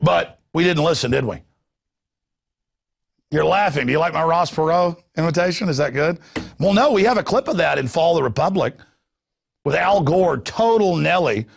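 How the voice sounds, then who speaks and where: A man's voice: fairly high pitch, animated, normal speed, gravelly, long pauses, breathy edge. A man hosting a talk show, ranting in a combative, sarcastic monologue. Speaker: talk radio host.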